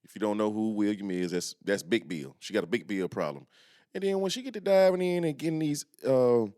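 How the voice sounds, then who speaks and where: A man's voice: fairly low pitch, fairly quick, mellow. A man co-hosting a casual podcast, talking in a laid-back, drawling way with plenty of slang. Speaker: podcast co-host.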